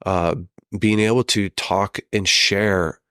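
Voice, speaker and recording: A man with a low voice speaks in an earnest, measured way, like a guest in a podcast interview. He sometimes acts out the lines of people he quotes. The sound is close and dry, with no room echo. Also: steady tone, a bit bright, smooth. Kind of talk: reflective conversational interview.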